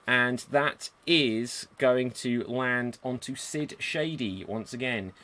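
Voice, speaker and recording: A man's voice: mid-range voice, takes it slowly, bright, forceful tone. A man with a British accent hosting a live improv game as game master, upbeat and theatrical.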